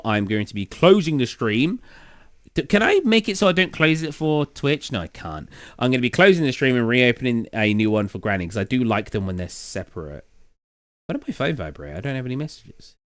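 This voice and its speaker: A British man chatting live to his stream, rambling from topic to topic with energetic, sudden loud outbursts. His pitch leaps up and down animatedly, and the sound is dry and close with no room echo. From Britain. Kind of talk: casual chat to a live stream.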